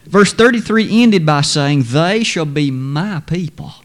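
Male preacher, somewhat high voice, measured and emphatic sermon delivery. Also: lively intonation. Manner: measured, emphatic preaching with sudden rises and drops in pitch.

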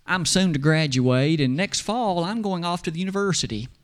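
Preacher guy doing an excited young student, earnest, kinda high voice. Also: normal speed, close to an everyday voice. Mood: eager. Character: eager young male student asking Jesus.

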